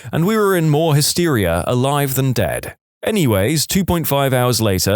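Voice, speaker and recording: A man narrating internet stories for a podcast in a scripted, animated reading style. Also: medium pitch, dry recording, clean studio sound. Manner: animated reading, shouts quoted lines.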